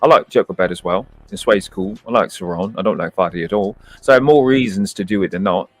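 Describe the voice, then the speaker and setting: A man with a British accent hosts a livestream from home, speaking into a close mic. His voice sits low and moves fast as he delivers brash, profane, boastful commentary.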